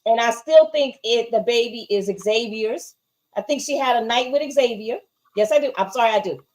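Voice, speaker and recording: A woman's voice: a little high, normal speed, darkish tone, low-quality recording. A woman co-hosting a casual TV review, giving emphatic opinions and often asking "right?". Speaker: show co-host.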